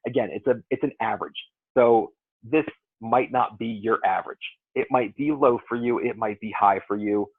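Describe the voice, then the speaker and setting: A man's voice: on the low side, moderate pace, slightly rough, no room sound. Man, fitness coach, casual rambling explanation, phone-line sound, dry. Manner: rambling, conversational, works through numbers aloud. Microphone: call audio.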